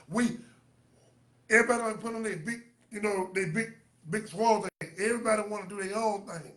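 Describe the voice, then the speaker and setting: High-voiced preachy man. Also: a little fast. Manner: animated, repetitive, preacher-like exhortation. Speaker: host of a live online talk show. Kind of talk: casual live-stream talk, preachy.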